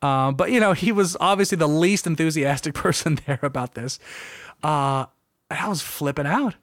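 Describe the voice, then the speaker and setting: A man's voice: fairly high pitch, normal speed, no echo, clean studio sound. A young man telling a story in casual chat, rambling and self-deprecating, acting out quotes in a raised voice.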